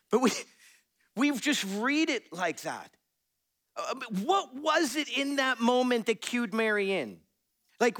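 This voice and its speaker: A man preaching a sermon in a conversational, animated way, reading scripture and talking it through with frequent laughs. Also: high voice. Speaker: pastor.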